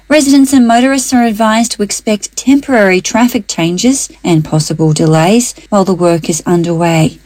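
A woman reading the local radio news in a steady, measured way. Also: mid-range voice, no echo. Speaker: news reader.

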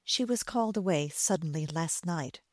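A woman's voice: fairly low pitch, animated, normal speed, no echo, studio quality. A woman reading as a mild widowed mother. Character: kindly widow, mother of young children. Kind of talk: audiobook character voice.

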